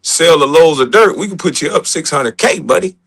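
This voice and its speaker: An upbeat contractor , voiced by a man, pitches a dirt-selling deal in friendly salesman patter. The voice sits a little higher than normal and swings up and down eagerly. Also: animated, brisk, vocal fry, fairly bright tone, full character voice. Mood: persuasive. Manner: persuasive, chummy salesman patter.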